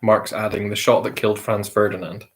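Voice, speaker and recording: A man with a slightly low voice hosts a casual quiz among friends. He reads each question at an easy pace and repeats it, with the odd light chuckle. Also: level tone, a little fast. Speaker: quiz host.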